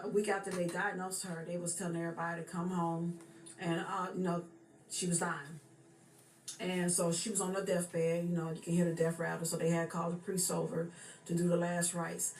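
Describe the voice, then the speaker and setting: Chatty woman telling a story, echoey room. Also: lowish voice. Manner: chatty, loosely repeats "she said" and "for real". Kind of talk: casual spoken storytelling. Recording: echoey room with faint background noise.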